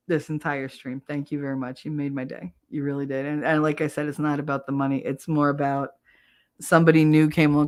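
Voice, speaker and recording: A middle-aged woman with a New Jersey accent, chatting casually on a livestream, laughing often and swearing freely. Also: deep voice. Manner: loud, laughing, profane storytelling. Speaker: livestream host.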